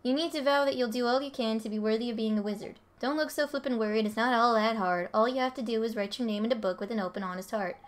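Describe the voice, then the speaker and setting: A woman's voice: on the high side, quick pace, few pauses, natural voice. A woman reading aloud the lines of a bossy little male fairy from a game, in a put-on, uncertain accent. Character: small cheeky male fairy, bossy guide.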